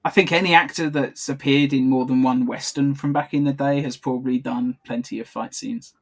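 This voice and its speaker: A man's voice: mid-range voice, steady tone, brisk. Chatty man on a video call. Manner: chatty, self-correcting, laughs often. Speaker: podcast co-host. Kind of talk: casual commentary chat.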